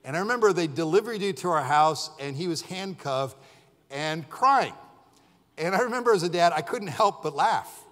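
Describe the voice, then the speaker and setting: A middle-aged man, a pastor, preaching a sermon in a church, telling stories with acted-out quotes and shouting at the high points. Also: normal speed, in a large hall. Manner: animated storytelling, acts out quotes, shouts at peaks. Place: church sanctuary.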